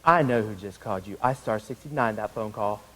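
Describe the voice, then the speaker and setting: A man's voice: brisk, big-room sound, a little hiss or hum, poor audio. A man in his thirties from Iowa giving a university lecture, telling stories and acting out the people in them with big jumps in his voice. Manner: animated, acts out quoted voices with big pitch jumps. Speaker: guest lecturer. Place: lecture hall.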